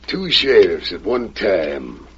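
An actor playing a cruel, cocky outlaw boss in a 1940s radio western, with a sneering, mocking drawl, on a dull old recording. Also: male voice, low voice, sing-song, slow pace, a bit bright, breathy edge, full character voice.

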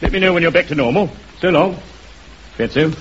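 An actor playing a chatty, teasing tailor in a 1950s radio comedy. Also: male voice, a little high, brisk, close to an everyday voice. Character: chirpy London tailor, grown man. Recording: hissy, muffled old radio recording.

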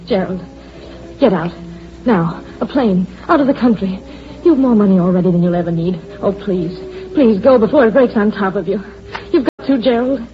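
A woman's voice: mid-range voice, animated, moderate pace, close to an everyday voice. A woman playing a sarcastic, emotionally torn secretary in a 1940s-style radio drama, on a dull old recording with faint music underneath. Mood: pleading. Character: sharp-tongued female secretary, bitter and torn.

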